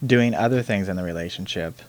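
A man hosting a podcast interview, talking in a relaxed, conversational way. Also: low voice, a little fast, dry recording. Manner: relaxed, conversational, some restarts. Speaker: podcast host.

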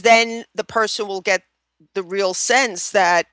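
A middle-aged woman speaks as a therapist guest on a podcast, loose and chatty with plenty of "you know." She slips into quick acted-out example phrases. The sound is dry and close to the mic. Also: mid-range voice, steady tone, a bit bright, smooth, dry recording. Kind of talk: casual podcast interview.

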